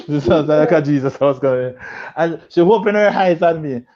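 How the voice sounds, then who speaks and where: A man's voice: fairly high pitch, slow pace, highs cut off. A man, a guest in a group video chat, animatedly telling a story and laughing often. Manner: animated storyteller, laughs a lot, acts out quotes loudly.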